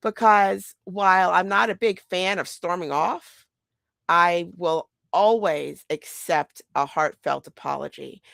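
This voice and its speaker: A woman's voice: on the low side, slow pace, gravelly, dry recording, studio quality. A middle-aged mother talking bluntly and casually, animating her points by acting out what other people say. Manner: blunt, animated, quotes others in acted voices. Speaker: mother and podcast host. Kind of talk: casual monologue.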